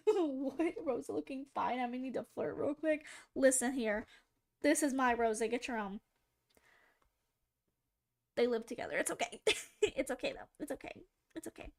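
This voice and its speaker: At a moderate pace, a woman with a creaky, somewhat high voice chats with her viewers while drawing on stream, pausing often. She rambles and giggles, slipping into silly voices along the way.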